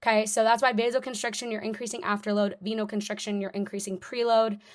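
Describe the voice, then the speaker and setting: A woman's voice: medium pitch, level tone, fast talker. Chatty young woman tutoring live. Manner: casual, chatty, many fillers. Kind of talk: live online review lesson.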